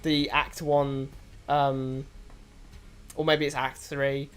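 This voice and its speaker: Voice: medium pitch, level tone, slow pace, smooth. A host of a casual gaming stream who rambles, analyses the story and hums tunes.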